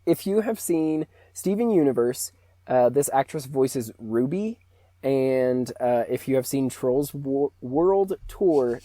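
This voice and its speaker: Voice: mid-range voice, mellow. A podcast co-host chatting casually about a book, rambling and self-deprecating, often trailing off mid-thought. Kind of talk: casual book club chat.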